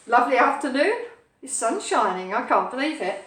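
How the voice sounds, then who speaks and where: A cooking show host streams live from her home kitchen, chatting playfully with viewers while she cooks and tossing in sing-song asides. Her voice sits high, swings widely in pitch, and is fairly quick and bright. The room is echoey, the mic is distant, and soft music plays in the background.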